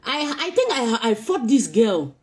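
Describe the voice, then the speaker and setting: A woman's voice: on the high side, sing-song, a little slow. A woman ranting at commenters on her stream, firing back repeated taunting questions. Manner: confrontational, repetitive taunting questions. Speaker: social media vlogger reading comments. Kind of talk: ranting live-stream talk.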